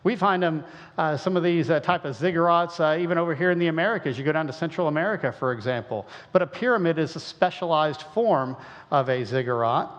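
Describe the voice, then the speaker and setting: Man from western Illinois, folksy lecturer, slightly high voice, muffled recording with long hall reverb. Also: quick pace. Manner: folksy, conversational, asks rhetorical questions. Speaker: creationist speaker. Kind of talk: lecture-style talk.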